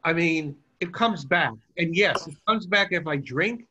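An older man from Brooklyn with a softened Brooklyn accent, telling stories on a video call. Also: fairly high pitch, expressive, a little slow, breathy edge, lo-fi sound. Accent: Brooklyn New York. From Brooklyn, New York. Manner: storytelling, rambling. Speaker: contest finalist.

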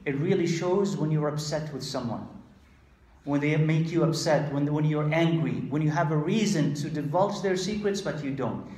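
A man giving a conversational religious lecture, acting out quoted exchanges and pausing with frequent fillers. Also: a little high, a little mellow, roomy sound. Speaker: Islamic lecturer.

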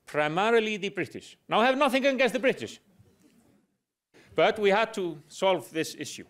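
Brief: middle-aged man lecturing in English, slightly high voice, wry humor, pauses on "uh". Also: lively intonation, a bit bright. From Iceland. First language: Icelandic. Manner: explanatory with dry humor, hesitant fillers. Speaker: guest lecturer. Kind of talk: public lecture.

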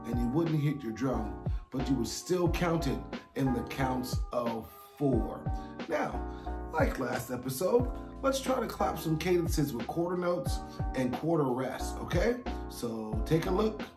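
A man's voice: medium pitch, roomy sound. A man teaching a beginner music theory lesson online, upbeat and encouraging as he counts beats aloud for his students to clap along.

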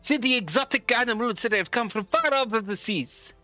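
A man voicing a huge, pushy elephant-man animal merchant who bellows his wares in a loud sales pitch. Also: fairly quick, no room sound, muffled recording, soft background music. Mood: hawking.

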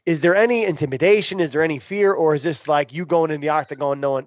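Fast-talking energetic man host. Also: a little high. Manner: energetic, quick, coach-like prompting. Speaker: podcast host, mental performance coach. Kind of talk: interview hosting.

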